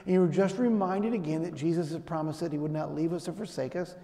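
A man's voice: on the high side, quick pace, vocal fry, dark tone. A middle-aged male pastor preaching a sermon in a conversational, storytelling way. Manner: conversational storytelling with acted asides. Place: church sanctuary. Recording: long hall reverb.

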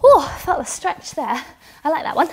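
A woman's voice: high-pitched, animated, moderate pace, vocal fry, a little hiss or hum. A young woman with a British accent coaching children through gymnastics exercises at home, encouraging and a little out of breath as she demonstrates. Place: home indoors.

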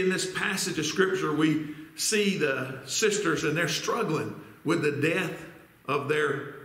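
A man's voice: on the high side, a bit bright, reverberant. A man preaching a sermon as pastor, reading scripture aloud and putting questions to his congregation. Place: church sanctuary.

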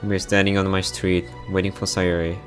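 A man reading a visual novel story aloud, narrating and voicing every part in a soft, heartfelt way. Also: sits low, level tone, moderate pace, faint music behind.

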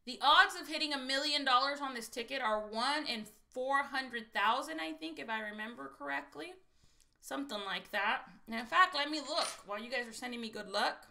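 High, bright, excitable woman streamer. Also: fairly quick, creaky. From Texas. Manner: chatty and excitable, keeps saying "you guys". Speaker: lottery scratch-off livestream host. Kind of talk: casual livestream chat to viewers.

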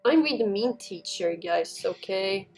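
A woman giving casual gameplay commentary to her viewers in non-native English phrasing, shouting at jumps. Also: medium pitch, measured pace. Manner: excitable, talks to the viewers while playing, shouts at jumps. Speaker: gaming YouTuber.

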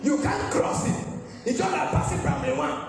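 A man's voice: extremely high pitch, normal speed. A man, a pastor preaching an emphatic sermon with call-and-response and sing-song rises. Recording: echoey hall from far off with faint music.

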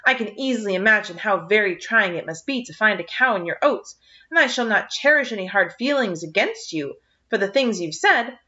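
A woman's voice: mid-range voice, lively intonation, fairly quick, pushed and bright. A woman reading aloud voices an eager, imaginative teenage girl with an earnest manner, recorded on a dull lo-fi track.

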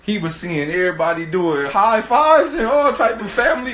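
A man's voice: high-pitched, moderate pace, few pauses, a crowd in the background. A man in his thirties telling a story in casual street slang, laughing often and repeatedly asking "right?". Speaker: host.

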